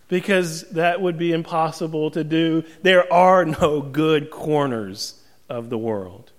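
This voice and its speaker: High-voiced preaching man, slow and echoing. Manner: emphatic preaching with dramatic pauses and rhetorical questions. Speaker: pastor. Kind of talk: sermon.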